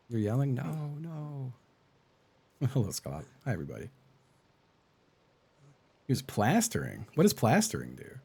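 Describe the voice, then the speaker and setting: A man's voice: medium pitch, sing-song, a little slow, gravelly, long pauses, darkish tone, breathy edge. A man live-streaming a game, chatting casually, narrating his own moves and greeting his viewers. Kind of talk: casual gameplay chat.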